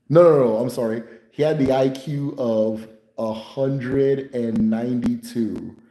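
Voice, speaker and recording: Easygoing, swearing male livestream host; dark, mellow voice, echoey room. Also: lowish voice. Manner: laid-back, profane, laughing, rambling. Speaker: host of a spirituality channel. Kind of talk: casual live Q&A chat.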